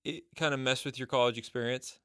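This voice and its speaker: A man co-hosts a relaxed podcast chat. He teases his partner and keeps firing questions at her. The sound is dry and close, with no room around his voice. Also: mid-range voice, fast, clear, resonant tone, no room sound. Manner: teasing, asks lots of questions. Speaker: podcast co-host. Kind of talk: casual chat.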